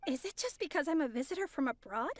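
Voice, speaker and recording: A woman's voice: high-pitched, lively intonation, fast, no room sound, faint music behind. A woman voicing a composed, polite young woman of mystery in a dubbed video game.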